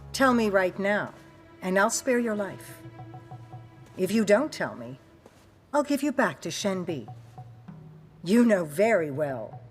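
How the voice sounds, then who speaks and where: Brief: smooth threatening noblewoman, unhurried, expressive, light score behind. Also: mid-range voice. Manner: silky, condescending. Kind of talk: English dub of a period drama.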